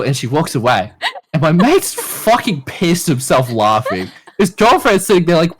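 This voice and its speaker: Australian man, podcast guest, crude and animated storyteller, swears freely, very expressive pitch. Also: normal speed, husky. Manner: lively, crude, swears often. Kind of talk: casual storytelling.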